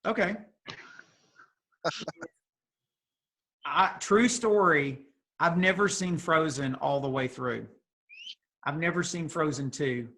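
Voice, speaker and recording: A man's voice: on the high side, takes it slowly, long pauses, sharp tone. Playful man hosting a video call. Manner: playful, teasing, chatty asides. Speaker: youth group leader.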